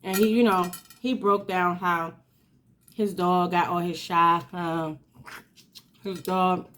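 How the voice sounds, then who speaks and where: Slow-talking woman. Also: fairly low pitch, a bit bright, a little hiss or hum. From New York. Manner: chatty, drawn-out storytelling with asides. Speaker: channel host. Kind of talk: casual storytime while eating.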